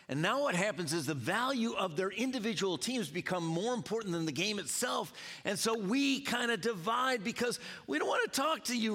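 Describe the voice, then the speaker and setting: A man's voice: sits high, normal speed, few pauses. A man preaching a sermon to a congregation, chatting with the audience as he goes. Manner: lively, conversational preaching with audience banter. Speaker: pastor. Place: church sanctuary. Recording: long hall reverb.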